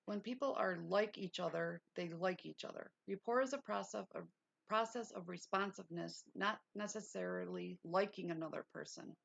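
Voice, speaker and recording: A woman's voice: mid-range voice, creaky. A woman hosting a casual livestream lesson, reading notes aloud and breaking off into chatty asides. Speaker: livestream host.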